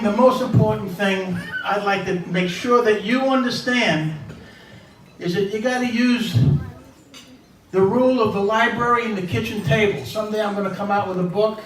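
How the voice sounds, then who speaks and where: A man's voice: high-pitched, normal speed. A man giving an emphatic, motivational speech at a banquet and repeating his points for stress. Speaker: banquet speaker. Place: banquet hall. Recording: echoey hall from far off, faint ambience.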